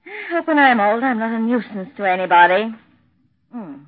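An actress in a vintage radio drama playing a self-absorbed grown daughter who complains a lot. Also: female voice, a little high, very animated, moderate pace, no echo. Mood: complaining. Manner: fussy, complaining. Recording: tinny old radio broadcast.

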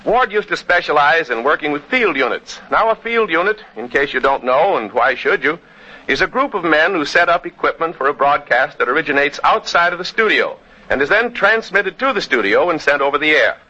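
Bright chatty old-time radio announcer. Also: male voice, a little high, expressive, brisk. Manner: chatty storytelling with asides. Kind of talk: scripted radio narration. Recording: dull old radio recording.

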